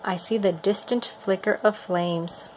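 A woman reading a picture book aloud in a steady, expressive storytelling manner. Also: medium pitch, measured pace, a little hiss or hum. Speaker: reader.

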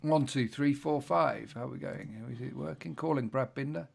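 A man's voice: medium pitch, normal speed, creaky, darkish tone, breathy edge. A man co-hosting a casual podcast, chatting and joking while sorting out a call. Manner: chatty, laughing at tech troubles. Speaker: podcast co-host. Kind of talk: casual chat.

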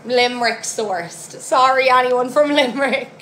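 A woman's voice: high-pitched, moderate pace, pushed and bright. Blunt, chatty Irish woman from Louth. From Ireland, County Louth. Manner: blunt, opinionated, laughing, chatty. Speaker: streamer chatting with viewers. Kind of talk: casual chat reading viewer comments. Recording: roomy echo with faint background hum.

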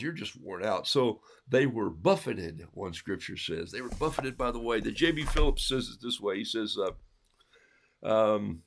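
Guy telling a bible story, gravelly voice, animated, acts out the quotes. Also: lowish voice.

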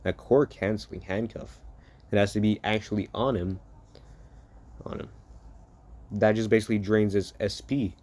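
A man's voice: fairly low pitch, steady tone, moderate pace, long pauses, darkish tone. A man improvising a fan story aloud, rambling, correcting himself and swearing casually. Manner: rambling, self-correcting, profane.

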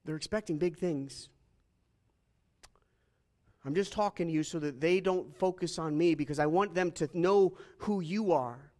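A man's voice: on the high side, unhurried, long pauses, a little mellow, pitched below the performer's own voice, lightly acted. A pastor doing a chatty, casual man. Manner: breezy, joking aside.

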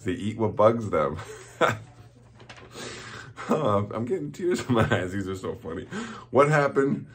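A man's voice: on the low side, big pitch swings, measured pace, pauses often, slight background noise. A man, a school principal, giving cheerful morning announcements to students and chuckling at their jokes.

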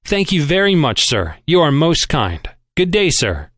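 A man voicing a polite, determined young ex-soldier in a deep, respectful voice, in an audiobook reading. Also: wildly swooping pitch, measured pace, fairly bright tone, no echo, clean studio sound, exaggerated voice.

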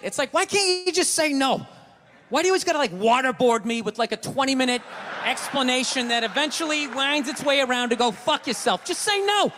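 A man's voice: extremely high pitch, animated, normal speed, background noise. A man doing a stand-up comedy set, ranting and swearing as he mocks and argues with the crowd. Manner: profane, ranting, mocking. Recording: stage mic in a reverberant hall with a live audience.

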